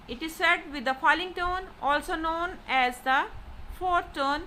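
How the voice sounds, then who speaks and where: A woman giving a slow lesson as a language teacher, saying example syllables one by one with exaggerated rises and falls. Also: very high voice, sharp tone, a little hiss or hum. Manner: deliberate, repeats example syllables with exaggerated tones. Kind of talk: slow explanatory lesson narration.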